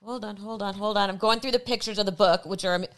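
A woman hosting a casual chat, eager and quick to react, laughing along with her guest. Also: mid-range voice, fairly even intonation, fairly bright tone. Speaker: host.

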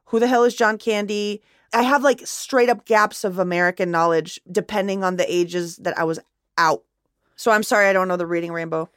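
A young woman co-hosting a podcast in casual chat, chatty and quick with asides, laughing often. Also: mid-range voice, clean tone, no room sound, studio quality. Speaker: podcast co-host.

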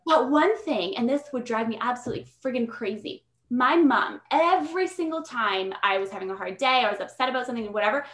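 A woman's voice: fairly high pitch, lively intonation, a little fast, hardly any pauses, a bit bright. A young woman talking as a guest in a casual podcast conversation, bubbly, upbeat and talkative. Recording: roomy echo.

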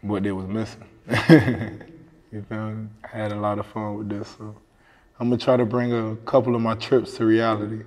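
Man from Miami, rapper guest, slightly low voice, laid-back slang, lingering reverb. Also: level tone, normal speed, a little mellow. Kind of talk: casual interview chat. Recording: echoey room with long reverb.

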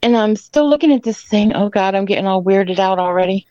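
A woman's voice: medium pitch, expressive, brisk, dark tone, no echo, dull audio. A woman telling her own story in an emphatic, rambling way, often tagging her sentences with "okay?". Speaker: caller telling an encounter story. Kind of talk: emotional first-person storytelling.

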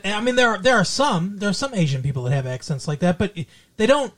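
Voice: medium pitch, animated, fast, fairly bright tone. Podcast cohost from michigan rambling along, lots of ums and restarts, casual movie talk. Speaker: podcast co-host. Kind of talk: casual chat about a movie.

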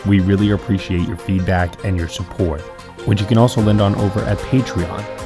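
A man hosting a podcast, reading a measured, thankful outro. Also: low voice, steady tone, music in the background. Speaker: podcast host. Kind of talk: scripted outro.

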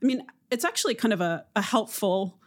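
A woman linguist explaining speech features in a measured, academic interview manner. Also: mid-range voice, expressive. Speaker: linguist guest.

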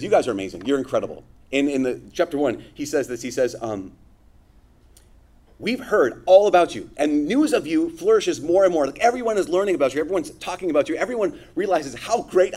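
A man giving a conversational sermon to his congregation, animated, with frequent asides. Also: fairly high pitch. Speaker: priest.

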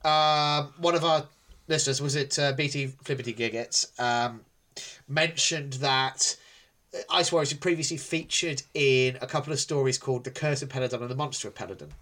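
Man rambling with ums, mid pitch. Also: pushed and bright. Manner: rambling, halting with many ums and restarts. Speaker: podcast co-host. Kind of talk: casual podcast chat.

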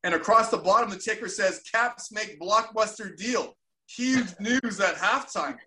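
A man in his forties with a high, bright voice tells a story in casual chat. He is animated and acts out the quotes with voices. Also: measured pace, slight background noise. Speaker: former pro hockey player, podcast co-host.

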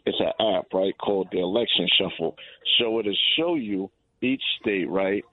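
Low low voice guy calling in, kinda rambling, phone line sound, dry. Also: normal speed. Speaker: caller. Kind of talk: call-in radio talk.

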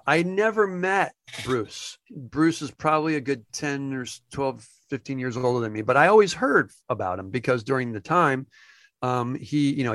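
A man's voice: mid-range voice, no echo. A man in his fifties from New Jersey tells a casual story from his years in the music industry, acting out the voices as he goes. His voice sits in the middle range. He is recorded dry on a close podcast mic. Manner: animated storyteller acting out quotes. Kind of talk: casual anecdote telling.

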